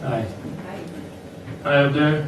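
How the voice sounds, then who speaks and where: Slow, self-deprecating stand-up comedian. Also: male voice, on the high side. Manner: self-deprecating, unhurried deadpan. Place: comedy club stage. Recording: echoey club from far off, noisy.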